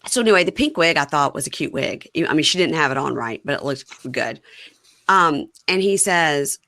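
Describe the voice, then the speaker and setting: A woman's voice: low-pitched, moderate pace. A woman podcast host casually recapping a reality show, acting out the people she quotes. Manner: animated, acts out quoted lines in raised voices.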